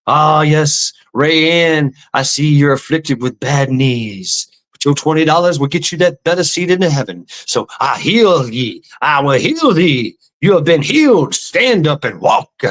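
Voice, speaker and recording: Guy doing a smarmy tv faith healer, pompous preachy voice, a bit higher. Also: lively intonation, a little slow, hardly any pauses, fairly bright tone. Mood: mock-solemn. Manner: pompous, mock-solemn preaching. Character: smarmy male TV faith healer begging money.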